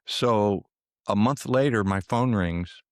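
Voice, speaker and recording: A man talking as an interview guest, telling stories in a lively way and acting out what other people said. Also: lowish voice, takes it slowly, dry recording, studio quality. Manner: animated storyteller who acts out quoted dialogue. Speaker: podcast guest, remote viewer. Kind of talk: conversational storytelling.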